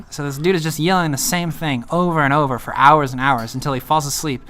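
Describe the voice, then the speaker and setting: A man's voice: on the high side, fast talker, few pauses, pushed and bright. Laid-back rambling man telling a story. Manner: rambling, laid-back, full of "like" and "you know". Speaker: uncle telling his own story. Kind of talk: casual storytelling vlog.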